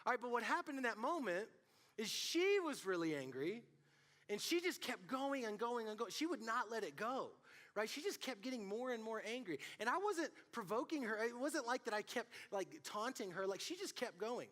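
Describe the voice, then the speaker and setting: High-voiced, bright youth pastor in a hall. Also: male voice, normal speed. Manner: animated storytelling, calls out to the audience. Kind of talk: sermon to a student group. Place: church hall. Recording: long hall reverb.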